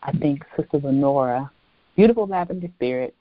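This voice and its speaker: A woman's voice: extremely low pitch, expressive, fairly quick, no room sound. A woman guest in a casual conversation, reflective and devout, telling a story in a colloquial way with hesitant fillers. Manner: reflective storytelling with religious phrases. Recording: dull lo-fi dry audio.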